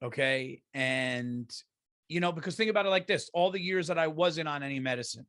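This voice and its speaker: A man hosting a comedy podcast, telling a story in an exasperated, profane and animated way and acting out what people said. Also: fairly high pitch, brisk, no echo, clean studio sound. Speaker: podcast host.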